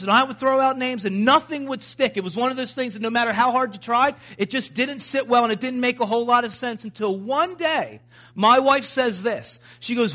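A man in his thirties preaching, telling a personal story with frequent restarts and rising, animated emphasis. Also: very high voice. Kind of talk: sermon storytelling.

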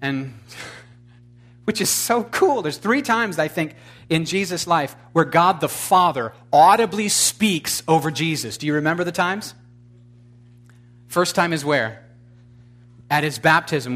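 A male pastor with a bright, forceful tone and a fairly high voice, preaching with fervent emphasis. He puts questions to his congregation and slips in blunt, wry humor between the exclamations. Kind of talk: sermon.

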